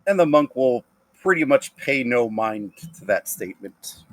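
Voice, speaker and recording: A man's voice: mid-range voice, animated, measured pace, dry recording. A man running a tabletop game as game master, describing scenes hesitantly with many fillers.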